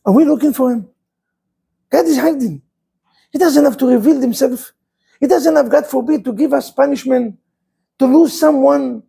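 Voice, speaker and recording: A man's voice: extremely high pitch, normal speed, vocal fry, long pauses, warm tone, rough recording. A man, a rabbi, preaching an impassioned sermon full of rhetorical questions.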